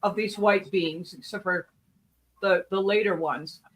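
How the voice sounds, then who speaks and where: Podcast host, conversational interviewer, mid-pitched voice, reflective, thinks aloud. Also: steady tone, measured pace, fairly bright tone.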